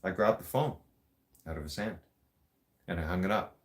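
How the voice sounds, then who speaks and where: A man with a low voice telling a story on his show in a loose, casual way. He is blunt and streetwise, swears in nearly every sentence, and talks straight at his listeners. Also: animated, normal speed. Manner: swears constantly and addresses listeners directly.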